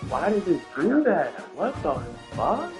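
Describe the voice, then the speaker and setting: A man streaming a football video game, talking casually and profanely to his chat, swinging between loud outbursts and low muttering. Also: huge pitch swings, unhurried. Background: game music.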